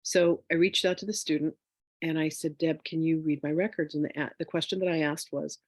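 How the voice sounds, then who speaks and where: A woman's voice: sits low, steady tone, a little fast, dry recording. A woman teaching a spiritual class in a candid, chatty way, telling a personal story with many "you know" asides.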